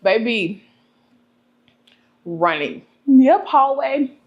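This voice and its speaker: A young woman telling stories to camera in a vlog, animated and laughing often. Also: fairly high pitch, dull audio. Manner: animated, laughs often, talks fast when excited. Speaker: vlogger. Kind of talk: casual storytelling to camera.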